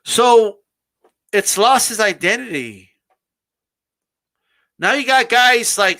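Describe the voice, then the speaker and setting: A man hosting a live stream, giving an animated, casual rant full of restarts and the odd swear. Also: high-pitched, unhurried, creaky, long pauses. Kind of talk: casual ranting commentary.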